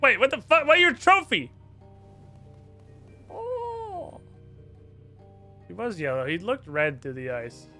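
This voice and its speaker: Very high and very animated, his voice moves at a slow pace with long pauses, sounding pushed and bright against faint music. He's a gameplay streamer who swears and talks sarcastically to himself as the game goes on.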